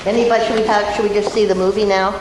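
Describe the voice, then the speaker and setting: An older woman spins chatty, laughing anecdotes to a crowd. Her voice carries through a big echoey hall with loud noise under it. She is relaxed and self-amused. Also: medium pitch, very fast. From Iowa, USA. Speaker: guest actress at a film event. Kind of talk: storytelling to a live audience. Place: large hall before an audience.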